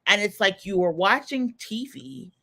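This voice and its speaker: A man with a bright, forceful tone co-hosts a podcast and lays out his points emphatically. He stacks examples in lists and repeats phrases to drive each argument home. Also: high-pitched, measured pace, gravelly. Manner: emphatic, explaining with lists and repetition. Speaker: podcast co-host. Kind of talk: explanatory commentary.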